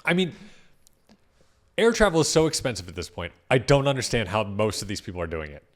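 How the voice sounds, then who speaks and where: A man's voice: on the low side, very animated, brisk. Wry man in casual podcast chat. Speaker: podcast guest co-host.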